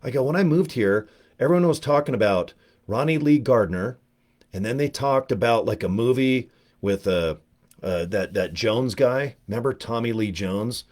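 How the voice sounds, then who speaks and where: A man's voice: mid-range voice, expressive, normal speed, a little mellow. A middle-aged man telling a rambling, crude personal story, slipping into voices for the people he quotes.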